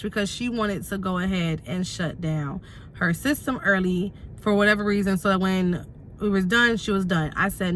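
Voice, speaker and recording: A woman's voice: medium pitch, animated, unhurried, a bit bright, a little hiss or hum. A young adult woman telling a storytime vlog, retelling events with emphatic repeats and asides. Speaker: vlogger.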